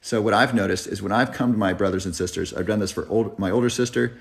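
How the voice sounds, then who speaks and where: Man, gravelly and creaky, lowish voice, earnest live Q&A host, reflective. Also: fast talker. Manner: earnest, reflective, tearing up at times. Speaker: health channel host. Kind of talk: live Q&A chat. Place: driving, in a car.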